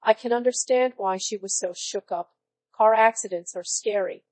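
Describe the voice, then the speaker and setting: A woman's text-to-speech voice reading online stories aloud in an even, synthetic-sounding delivery. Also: medium pitch, no echo, rough recording. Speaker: story narrator.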